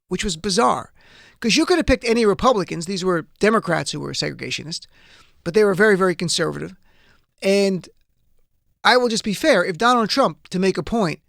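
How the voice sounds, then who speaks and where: A man's voice: high voice, gravelly, fairly bright tone, no room sound. A man hosting a political talk show, giving emphatic, sarcastic commentary from a studio. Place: radio studio.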